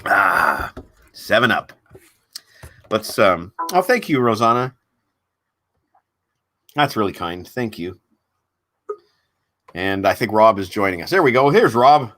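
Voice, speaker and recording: A man hosting a casual livestream, rambling with halting restarts and reading viewer comments aloud. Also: lowish voice, big pitch swings, pushed and bright, no echo. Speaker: livestream host. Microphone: desk mic on a laptop stream.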